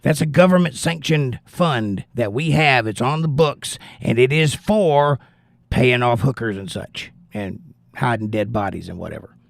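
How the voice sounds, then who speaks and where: Stream host, male, gravelly voice, blunt and opinionated, casual commentary, dry close mic. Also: medium pitch, animated, unhurried, dry recording. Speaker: livestream host reading chat.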